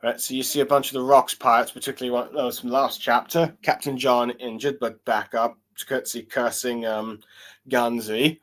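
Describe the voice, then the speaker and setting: A man's voice: medium pitch, level tone, normal speed, fairly bright tone. A man giving a casual solo review of a manga chapter, hesitant and full of fillers as he reads along. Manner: hesitant, many fillers and restarts while reading along.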